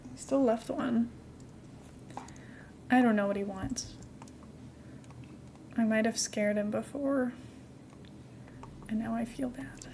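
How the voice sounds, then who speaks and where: A young adult woman streaming a game from home, chatting in a rambling, casual way and cooing softly at her cat now and then. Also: on the high side, steady tone, takes it slowly, creaky, pauses often, a little hiss or hum. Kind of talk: casual live-stream chat while gaming.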